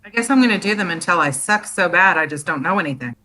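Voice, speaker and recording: A woman's voice: fairly low pitch, animated, fast, bright, forceful tone, slight background noise, rough recording. A woman playing a tabletop game, talking in an easygoing, jokey drawl over a voice chat mic. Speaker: player. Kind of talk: casual tabletop game play.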